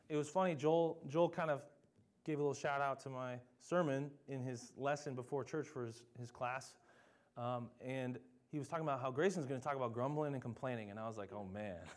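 A man's voice: mid-range voice, a little mellow. Casual young male preacher. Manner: conversational, self-deprecating, mocks complainers with dramatic voices. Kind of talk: sermon.

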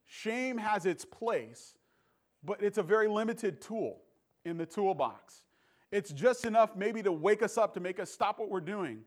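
Male preacher, earnest and halting, voice a bit high. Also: lively intonation. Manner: earnest, halting, repeats words. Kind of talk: sermon.

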